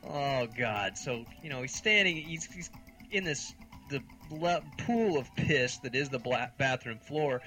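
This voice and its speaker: A man's voice: mid-range voice, animated, unhurried, a bit bright, faint music behind, low-quality recording. A man in his thirties from the United States, a podcast co-host telling rambling, exasperated, self-mocking comic stories. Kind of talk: casual comedic storytelling.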